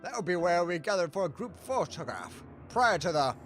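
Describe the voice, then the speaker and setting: A man's voice: high voice, sing-song, normal speed, faint music behind. A man voicing a smug, wealthy male lion baron with a put-on French accent and a pompous, gracious manner.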